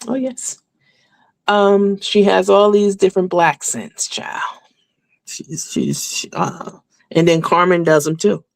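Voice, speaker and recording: Woman host for a celebrity gossip rundown, blunt and candid, lots of fillers, gravelly edge, dry close sound. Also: deep voice, darkish tone, dry recording. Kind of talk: casual celebrity gossip commentary.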